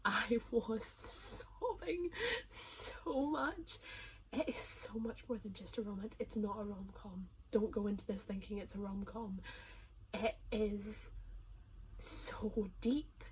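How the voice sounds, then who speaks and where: A woman reviewing her favourite books in a casual vlog, gushing and emotional, often dropping into a soft whisper. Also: medium pitch, flat delivery, unhurried, a little hiss or hum. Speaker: book reviewer.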